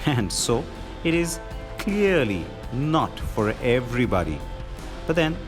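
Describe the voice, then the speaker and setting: A man narrating a scripted car review in a measured, confident manner. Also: medium pitch, very animated. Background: music.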